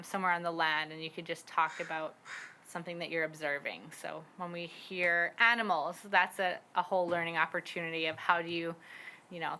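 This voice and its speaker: A young woman from the Squamish Nation talks casually as a guest, a parent learning her language. Her voice sits a bit low yet sounds bright and forceful, full of fillers and laughter. She speaks outdoors in a garden, with a faint hum of ambience behind her. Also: low-quality recording. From Squamish Nation, British Columbia, Canada. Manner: chatty, many fillers, laughs and acts out quotes. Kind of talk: casual conversation.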